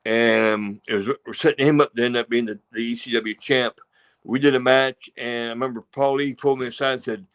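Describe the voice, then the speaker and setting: A man's voice: mid-range voice, fairly even intonation, brisk, fairly bright tone, clear, resonant tone. A middle-aged man, a former wrestler, telling rambling stories in a casual interview and acting out quotes and sound effects. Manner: rambling, acts out quotes and crowd noises.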